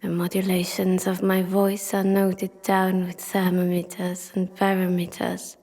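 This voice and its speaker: A whispered role-play of a city spirit in a video game. The voice is an unvoiced, breathy whisper, slow and even, with hardly any rise or fall. A long, hall-like reverb trails each phrase. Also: female voice, on the low side. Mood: intimate. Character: the city itself, an ancient loving spirit.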